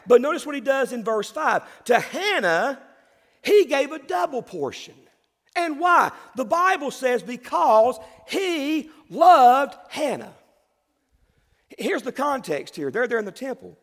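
A male pastor, preaching a sermon with emphatic delivery and dramatic pauses. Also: extremely high pitch, long reverb tail.

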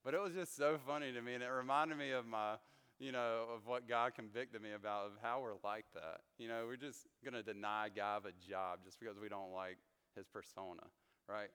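A man leads a casual Bible study in a church hall, chatting through his stories with lots of little fillers. His voice is smooth and clear. A long reverb trails behind his words. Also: lowish voice, brisk. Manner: chatty, animated storyteller with frequent fillers.

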